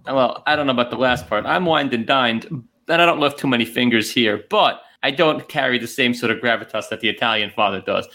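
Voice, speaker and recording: Man, middle-aged, podcast co-host, blunt, teasing, wisecracking, middling pitch. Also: a little fast, bright, forceful tone. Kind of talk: casual chat.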